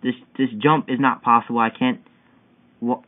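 A young man giving excitable, frustrated commentary while playing a parkour game, yelping at each failed jump. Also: mid-range voice, normal speed. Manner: excitable, yelping and whining at failures. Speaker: gamer. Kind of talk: gameplay commentary. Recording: tinny phone-like mic with faint hiss.

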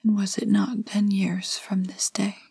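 A woman's voice: medium pitch, little pitch movement, unhurried, vocal fry, mellow, slightly rough, dry recording. A woman voicing a grieving beggar mother in a whispered role-play from a storybook fairytale, pleading in old-fashioned speech.

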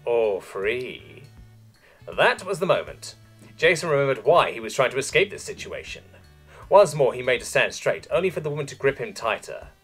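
A man narrating a science fiction story in an expressive storytelling way. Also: mid-range voice, a little fast, breathy edge, soft background music. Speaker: audiobook narrator.

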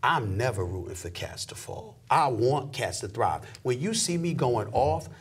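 A middle-aged man in an animated interview, emphatic and preachy, dropping low then shooting up into high exclamations. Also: unhurried, breathy edge. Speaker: sports commentator guest.

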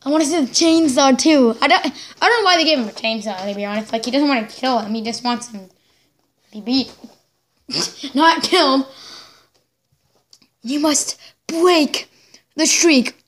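Watching along in a reaction video, this high-pitched female host gives excitable live commentary at a normal speed, full of exclamations and laughter.

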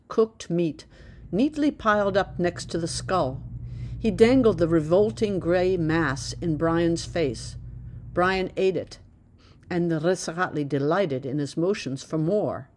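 A woman from the US narrates her own memoir as an audiobook. Her voice sits on the low side, and she reads in a measured, plain storytelling manner. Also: a little mellow, slight background noise. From United States. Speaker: author reading her memoir.

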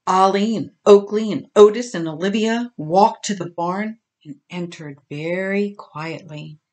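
An older woman, a grandmother, reading a children's story aloud in a gentle, expressive way. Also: mid-range voice, a little slow.

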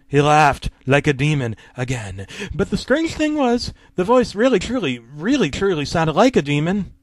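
A man reads a horror story in a casual, wry way, sometimes sinking into a whisper. His voice sits slightly high. The sound is dry and close. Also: very animated, normal speed, few pauses, no echo. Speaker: narrator.

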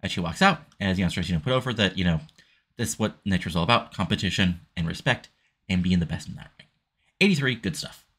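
A man with a deep, slightly husky voice talks through his wrestling simulator run. He rambles casually, padding his recap with fillers as he goes. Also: expressive, fast talker, fairly bright tone. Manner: rambling, many fillers like "you know". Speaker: let's-play host recapping a wrestling sim. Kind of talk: casual game commentary.

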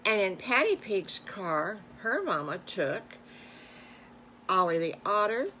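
An older grandmother telling an improvised children's story in an unhurried, homespun way. She wanders and circles back, then gets lively at the sad and exciting parts. A faint hum of room noise sits behind her voice. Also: mid-range voice. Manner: homespun, meandering and animated at emotional moments.

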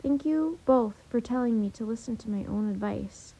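A woman reading the lines of a stern grown male army general in a formal, measured way for a storybook. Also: a little high, mellow, slightly rough. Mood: commanding. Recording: dull lo-fi audio.

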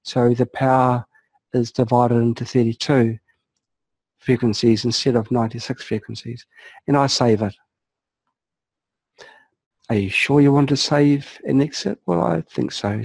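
A man calmly narrating a software walkthrough step by step, explaining each setting as he clicks through it. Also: mid-range voice, vocal fry, no room sound, poor audio. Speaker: software tutorial presenter. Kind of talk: screen-recorded software walkthrough.

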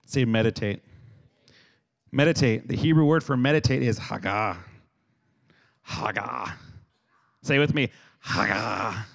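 A man preaching a lively youth sermon who acts out everyday scenes and has the crowd repeat words after him. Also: on the high side. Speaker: youth speaker.

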